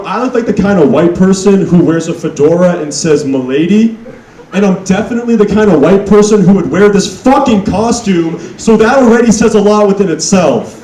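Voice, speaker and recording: A young man doing a stand-up set, deadpan and self-mocking, building to loud punchlines. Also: fairly high pitch, a little hiss or hum. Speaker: stand-up comedian. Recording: echoey room, mic heard from a distance.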